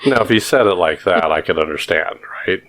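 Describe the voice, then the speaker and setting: Deep-voiced man, rambling casual chat. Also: animated, a little fast, a bit bright, a little hiss or hum. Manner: rambling, hesitant storyteller. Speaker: podcast co-host.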